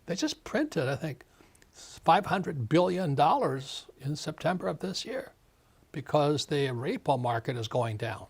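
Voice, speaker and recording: An older man in his seventies with a husky voice speaks as an interview guest. His delivery is emphatic and ranting, and he hammers his points home through repetition. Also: fairly high pitch, sing-song, unhurried. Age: 70s. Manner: emphatic, ranting, repeats phrases. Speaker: author and investor guest. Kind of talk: casual interview talk.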